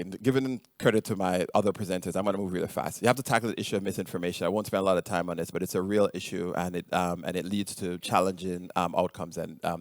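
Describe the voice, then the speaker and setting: A middle-aged man with a Jamaican accent speaks in a very low voice, giving a conference presentation. He stumbles through plenty of ums and restarts as he goes. The sound is close and dry, with no room around it. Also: vocal fry, dry recording. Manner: hesitant, many ums and restarts.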